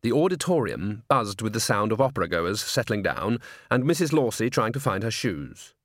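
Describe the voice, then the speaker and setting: A man narrating a comic fantasy novel in an even, wry storytelling manner. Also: fairly low pitch, normal speed, no room sound, clean studio sound. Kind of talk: audiobook narration.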